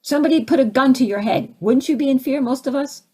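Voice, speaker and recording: Animated woman spiritual teacher. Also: sits high, fast talker, breathy edge. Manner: animated, acts out little scenes with sudden swings in voice. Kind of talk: spiritual teaching talk, answering audience questions.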